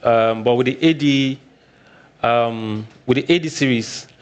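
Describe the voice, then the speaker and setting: A Nigerian man presenting a live technical workshop, often repeating his points and checking in with "all right". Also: medium pitch.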